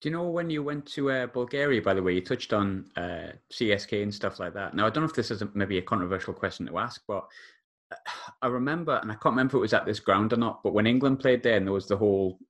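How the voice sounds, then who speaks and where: Quick-talking low-voiced male host. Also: animated, fairly bright tone. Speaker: podcast host. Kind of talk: casual podcast chat.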